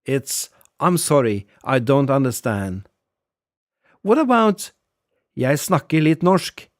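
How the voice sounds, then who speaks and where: A man teaching a scripted audio language lesson, patiently repeating phrases slowly for learners. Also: mid-range voice, very animated, dry recording, clean studio sound.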